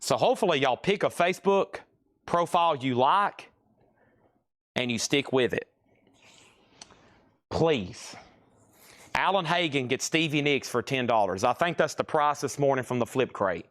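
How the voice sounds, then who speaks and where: A man's voice: mid-range voice, animated, moderate pace, fairly bright tone. A man hosting a live record sale, chatting casually and thinking aloud as he sorts through crates. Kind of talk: casual livestream selling.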